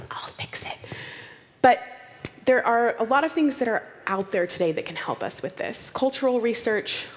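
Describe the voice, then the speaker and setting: American woman giving a lively talk. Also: mid-range voice. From Oklahoma, United States. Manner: animated storytelling, acts out quotes in playful voices. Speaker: conference speaker. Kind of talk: conference talk. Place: conference hall. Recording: long hall reverb.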